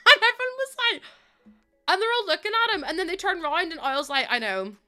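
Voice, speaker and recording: A woman's voice: very high-pitched, big pitch swings, brisk, bright, forceful tone, soft background music. A young adult woman live streaming, chatting casually with her viewers in a giggly, gushing and emotional way.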